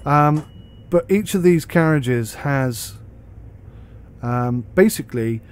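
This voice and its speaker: A man's voice: fairly high pitch, lively intonation, slow pace, clean tone. A British man giving a casual, rambling commentary on a train game as he plays, thinking aloud. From United Kingdom. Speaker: game reviewer.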